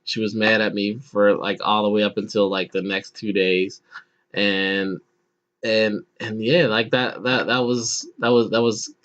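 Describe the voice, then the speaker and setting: A man's voice: lowish voice, flat delivery, unhurried, a bit bright. A man in his thirties hosting a podcast, telling a long personal story casually, laughing often, restarting sentences and acting out voices. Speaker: podcast host. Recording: muffled lo-fi podcast audio.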